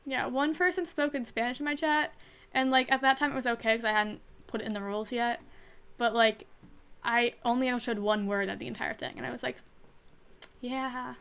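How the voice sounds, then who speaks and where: A woman's voice: on the high side, fairly even intonation, brisk, creaky, a bit bright, smooth. A young woman streamer chatting casually and rambling with fillers while she plays a game. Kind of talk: casual chat while gaming.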